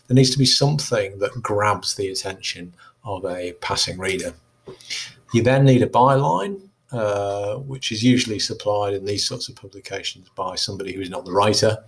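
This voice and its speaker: A male English teacher talking students through an exam question in a measured, explanatory way with frequent fillers. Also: fairly low pitch. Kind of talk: recorded lesson walkthrough.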